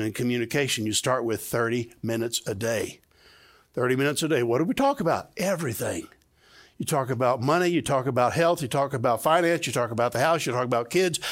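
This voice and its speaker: A middle-aged man preaching a sermon to his congregation in a conversational way, often repeating key phrases and having the listeners say them back. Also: mid-range voice. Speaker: pastor. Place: church sanctuary.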